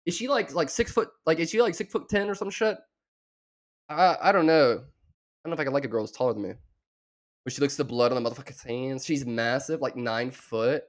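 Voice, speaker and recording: A man's voice: medium pitch, fairly quick. A young man from the American South with a Southern accent, rambling crudely and mockingly while reacting to a show as a streamer. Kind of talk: profane reaction commentary.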